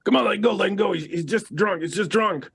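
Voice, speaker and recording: A man's voice: high voice, brisk, a bit bright, slightly rough, pitched above the performer's own voice, exaggerated voice. A man voicing crude drunken tavern louts who whine and cringe once they get hurt. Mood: panicked.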